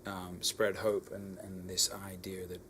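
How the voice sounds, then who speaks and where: Thoughtful young Australian man, low voice. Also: completely flat delivery, noisy background. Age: young adult. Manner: thoughtful, halting, with pauses. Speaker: band member guest. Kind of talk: reflective interview answers.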